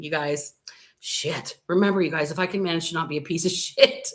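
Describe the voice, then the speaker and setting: A woman's voice: low voice, moderate pace, a bit bright. A woman with an American accent giving a casual tarot reading, candid and laughing easily, swearing freely. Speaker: tarot reader. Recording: roomy echo.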